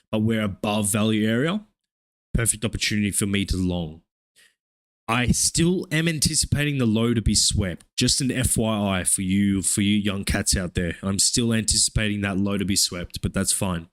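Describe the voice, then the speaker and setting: Streaming live as a futures trader, a young man from Australia calls the action in his Australian accent with profanity, hype, and excited oohs. He speaks briskly in a fairly low pitch.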